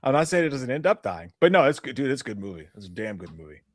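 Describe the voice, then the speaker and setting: A man's voice: medium pitch, big pitch swings, very fast, no room sound, clean studio sound. A man in his thirties co-hosting a casual live-stream chat show, rambling through stories and swearing freely. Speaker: podcast co-host.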